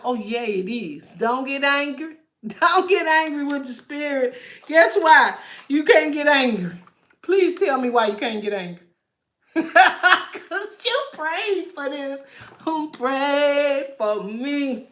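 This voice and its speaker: A woman with a high voice gives a live tarot reading. She takes her time, lingering over her words, and keeps laughing as she chats straight to her viewers. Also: expressive, slow, fairly bright tone, roomy sound. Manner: chatty, laughs often, talks to viewers as y'all. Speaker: tarot reader.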